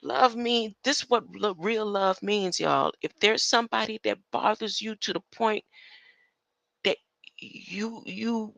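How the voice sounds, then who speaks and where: A woman hosting a livestream rambles unhurriedly, tagging lines with a questioning "huh?" and laughing between thoughts. Her medium-pitched voice is bright with a gravelly fry. The low-quality recording is dry, with no room sound.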